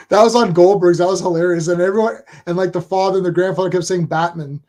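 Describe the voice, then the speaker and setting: A woman's voice: lowish voice, steady tone, quick pace, warm tone. A woman co-hosting a casual chat, retelling stories with lots of "I'm like" and laughter. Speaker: podcast co-host.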